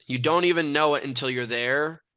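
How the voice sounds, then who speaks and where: A man's voice: on the high side, moderate pace, sharp tone, clear, resonant tone, dry recording. A young man from California, a brash and self-assured athlete telling stories in a casual interview. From California, USA. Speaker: athlete guest.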